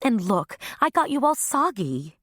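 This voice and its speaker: A woman's voice: fairly high pitch, big pitch swings, measured pace, fairly bright tone, no room sound, clean studio sound, voice pushed up, exaggerated voice. A woman voicing a tearful genteel Southern lady. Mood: anguished. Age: 50s.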